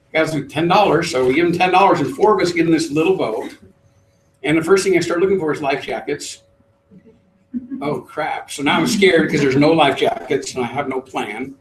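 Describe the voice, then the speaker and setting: A middle-aged man, a trainer, telling a lively story to a live group and acting out the voices. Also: a little high, normal speed, a little hiss or hum. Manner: animated storyteller, acts out voices. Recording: roomy, distant mic.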